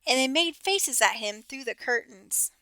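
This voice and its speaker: A teacher reading a children's storybook aloud, slowly and expressively. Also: female voice, high voice, lively intonation, sharp tone, clean tone, no room sound.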